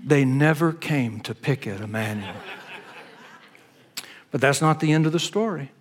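High-voiced pastor telling a story. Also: male voice. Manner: earnest, conversational storytelling. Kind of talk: storytelling sermon.

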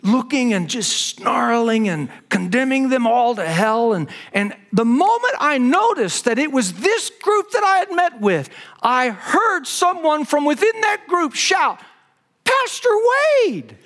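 Man, pastor, high voice, earnest conversational storytelling sermon. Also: big pitch swings, a little slow, fairly bright tone.

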